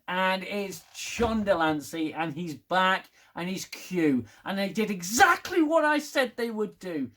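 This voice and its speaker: A man giving a rambling, casual spoken TV review, swearing and getting worked up as he talks. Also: on the high side. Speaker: TV review vlogger.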